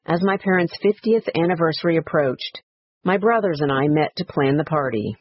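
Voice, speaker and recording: A man reading a story aloud in a quiet, reflective, measured way, in a dry, slightly dull recording. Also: a little high, husky, dry recording. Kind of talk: read-aloud story narration.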